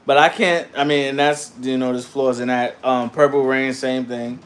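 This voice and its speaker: A man hosting a casual livestream, talking back to his chat in a loose, slangy, animated way. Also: medium pitch, moderate pace. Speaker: livestream host reading chat.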